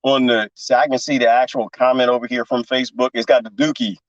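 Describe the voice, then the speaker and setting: A man's voice: medium pitch, flat delivery, fast, no echo, recorded from a distance, lo-fi sound. A man chatting on a livestream, rambling and conspiratorial, laughing often as he reads viewer comments. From lives in Texas. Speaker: livestream host. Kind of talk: casual livestream chat reading comments.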